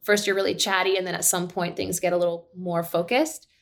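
A woman's voice: on the low side, flat delivery, brisk, creaky. Chatty woman telling a personal story. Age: adult mother of two. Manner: chatty, frequent "like" and "you know". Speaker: podcast guest. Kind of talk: casual birth-story telling.

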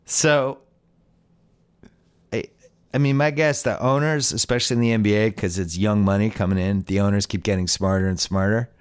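A man hosts a laid-back sports podcast, reading listener questions and answering with wry opinions. His voice is fairly low, smooth, and steady, at a moderate pace.

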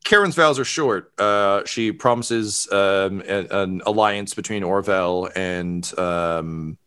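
A man's voice: low-pitched, takes it slowly, a bit bright, clean tone. A man narrating as game master of a tabletop game, casual with many fillers. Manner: casual, filler-heavy, laughing.

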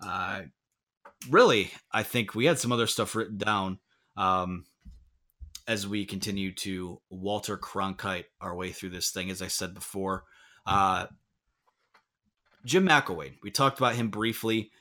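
A man's voice: low voice, unhurried, long pauses, sharp tone. A man hosting a casual sports podcast over a remote call, rambling and correcting himself with joking asides. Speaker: podcast host.

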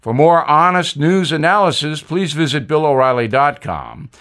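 A man's voice: on the high side, animated, moderate pace, fairly bright tone. An older man hosting a news commentary show, telling a wry satirical tale with emphasis. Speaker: host.

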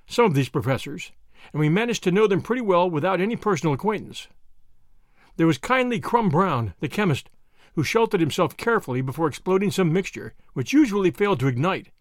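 A man reading a memoir aloud in a measured, expressive narration. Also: fairly high pitch, no room sound, clean studio sound. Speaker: audiobook reader.

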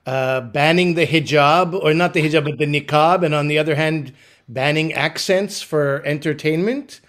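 A male comedian with a somewhat high voice. He reasons aloud thoughtfully, laying out his points one at a time in a casual panel chat. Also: normal speed, a bit bright. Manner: thoughtful, building points step by step. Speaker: comedian guest.

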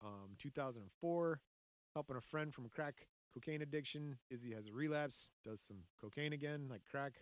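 A man's voice: mid-range voice, normal speed, no room sound. A man hosting a podcast, telling a story in casual chat, joking and laughing often.

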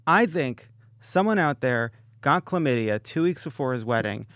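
A man hosting a comedy podcast, telling jokes and animated stories with punchlines. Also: medium pitch, normal speed, no room sound, studio quality. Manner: joking, animated storytelling with punchlines. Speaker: podcast host.

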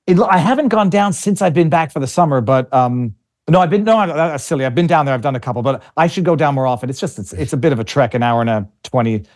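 A man's voice: on the high side, expressive, quick pace, a little mellow. A man speaking as an interview guest, arguing passionately and combatively, often repeating words as he gathers his thoughts. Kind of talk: conversational interview.

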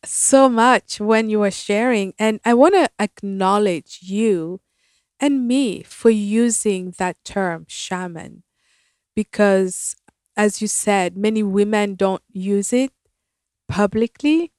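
A woman guest, a shaman and physician, speaking in a measured, affirming way. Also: mid-range voice, darkish tone, clean tone, no echo, studio quality. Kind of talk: spiritual conversation.

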